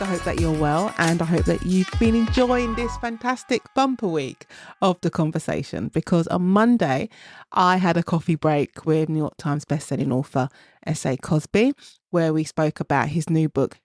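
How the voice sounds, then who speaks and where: A woman hosting a podcast interview, upbeat and brisk, laughing easily. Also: lowish voice, dry recording, clean studio sound, soft background music. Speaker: podcast host. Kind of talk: scripted podcast intro, then casual interview.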